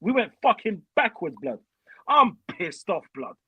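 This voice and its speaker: A man's voice: sits high, big pitch swings, a little slow, slightly rough, no room sound, dull audio. A young man, calling in as a fan and ranting angrily, swearing, in heavy slang. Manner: swearing, heated, uses slang. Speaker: caller. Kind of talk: angry fan rant.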